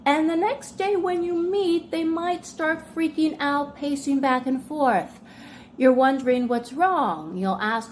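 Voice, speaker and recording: A woman hosts a video in a high voice at a slow pace, with a little hiss or hum in the background. She explains things casually with many fillers and acts out example lines of dialogue.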